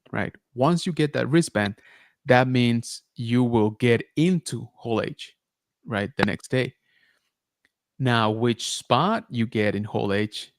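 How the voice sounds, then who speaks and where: A man's voice: mid-range voice, no room sound. Chatty man telling a story, dry sound. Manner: animated retelling, many filler likes and rights. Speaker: podcast host. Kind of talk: casual storytelling chat.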